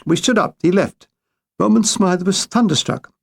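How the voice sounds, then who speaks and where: Gravelly, deadpan male memoir narrator. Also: high voice, normal speed. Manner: dry, deadpan comic delivery. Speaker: author reading his own memoir.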